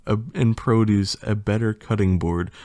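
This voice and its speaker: A man's voice: fairly low pitch, fairly even intonation, normal speed, darkish tone, no echo. A man reading a playful poem for an ASMR video, repeatedly breaking into laughter as he reads. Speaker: ASMR creator.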